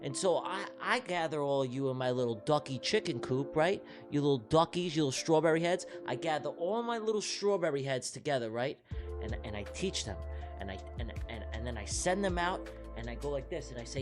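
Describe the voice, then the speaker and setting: A man's voice: on the high side, lively intonation, fairly quick, music in the background. A man hosting a trading livestream, talking in a rambling, affectionate, repetitive way. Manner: rambling, affectionate, repeats himself. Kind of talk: casual live-stream chat.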